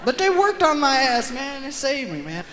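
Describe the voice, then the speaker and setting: A man with a very high voice tells profane stand-up stories and acts out the people in them. This is a live concert recording, with a crowd and a steady hiss behind him. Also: normal speed, long reverb tail. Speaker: stand-up comedian.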